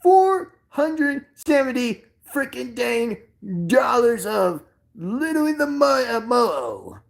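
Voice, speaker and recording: A woman putting on a shrill, outraged young woman who shouts in disbelief, as a comic live-stream bit. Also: huge pitch swings, very slow, vocal fry, exaggerated voice.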